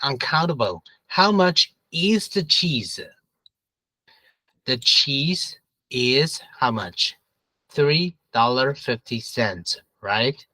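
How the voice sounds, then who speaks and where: Male English teacher, slow and bright, dry close sound, patient and repetitive with the class. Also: mid-range voice, lively intonation, dry recording, low-quality recording. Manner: patient, repeats questions and prompts students to answer together. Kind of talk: classroom review lesson.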